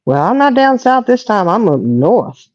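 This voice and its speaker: A middle-aged woman, chatting on a livestream and telling stories with animated quoting. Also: medium pitch, a little slow, dry recording. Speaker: co-host. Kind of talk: casual chat on a livestream. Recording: dull lo-fi audio.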